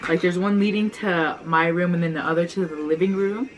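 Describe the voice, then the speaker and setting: A woman's voice: fairly low pitch, a little fast, slight background noise, low-quality recording. A young woman casually telling childhood stories with her sister, chatty and full of "like" fillers. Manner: chatty, many "like" fillers, laughs often. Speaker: vlogger, older sister. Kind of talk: casual storytelling chat.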